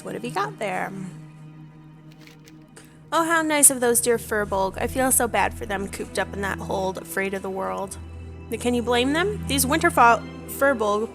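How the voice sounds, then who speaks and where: A woman's voice: fairly high pitch, expressive, normal speed, vocal fry. A woman voicing a kindly female researcher who studies hot springs, reading the quest lines in her plain voice. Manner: read aloud in her own plain voice. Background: game music.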